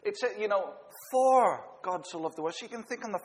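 A man's voice: high-pitched, animated, quick pace. A man preaching a sermon, earnest, with small slips and self-corrections. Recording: long reverb of a hall.

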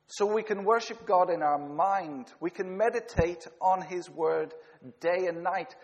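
A male preacher delivers an earnest sermon in a fairly high voice, now and then stumbling and correcting himself. His words ring out with a long reverb, as in a large hall. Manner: earnest, with small slips and self-corrections.

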